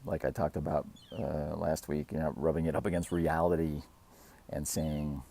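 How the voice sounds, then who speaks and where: A man's voice: rumbling low, level tone, moderate pace, creaky, warm tone. A man hosting his own channel, talking casually and rambling, laughing at himself and acting out quotes. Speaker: fitness channel host. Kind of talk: casual talking-to-camera vlog.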